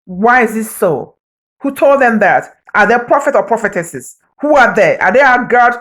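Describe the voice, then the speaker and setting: A woman's voice: on the high side, animated, normal speed, fairly bright tone. A woman giving an emotional, preacher-like spoken appeal, pleading and repeating phrases for emphasis. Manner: emotional, says her heart is broken. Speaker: vlogger.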